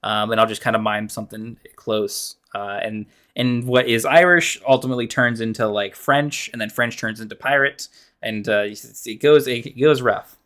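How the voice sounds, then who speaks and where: A man streams as a dungeon master, thinking aloud as he plans a game, halting and trailing off into mumbles. His mid-range voice is a bit bright, with fairly even intonation.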